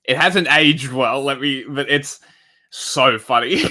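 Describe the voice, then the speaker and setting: A livestreamer commenting on the news, this man speaks slowly at a medium pitch with a sharp tone. His casual chat rambles, with swearing, frequent restarts, and many fillers.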